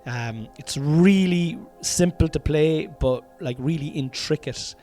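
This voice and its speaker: A man's voice: a little high, slow, mellow, faint music behind. An Irish man hosting a podcast in a room at home. He talks in a rambling, casual comedic monologue, swears freely and calls his listeners lads. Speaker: podcast host.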